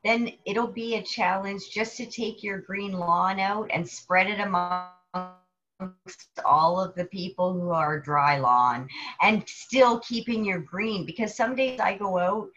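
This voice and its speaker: Female co-host, casual faith talk, chatty and expressive, slightly muffled audio. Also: medium pitch, unhurried, faint music behind. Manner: animated storyteller, acts out quoted people. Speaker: podcast co-host. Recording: dull lo-fi sound.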